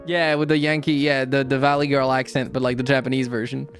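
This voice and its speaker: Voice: medium pitch, level tone, fairly quick, hardly any pauses, soft background music. A streamer chatting casually while playing a game, rambling, correcting themselves and swearing offhand.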